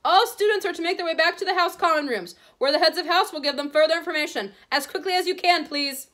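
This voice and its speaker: A woman's voice: medium pitch, quick pace, close to an everyday voice. A woman voicing a stern older female professor who speaks firmly and formally, reading aloud from a storybook. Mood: calling loudly. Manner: firm, formal announcements.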